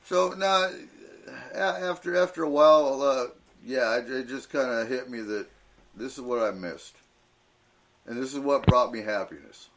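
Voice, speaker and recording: A man's voice: mid-range voice, moderate pace, fairly bright tone, a little hiss or hum. A man hosting a radio talk show in casual chat, telling anecdotes with fillers and acting out the voices of people he quotes. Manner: storytelling, acts out quoted voices; laughs often, frequent fillers.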